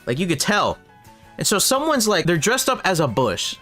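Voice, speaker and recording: A man telling a storytime vlog, expressive and animated, swearing and laughing as he goes. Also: sits high, unhurried. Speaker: streamer and video creator. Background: faint background music.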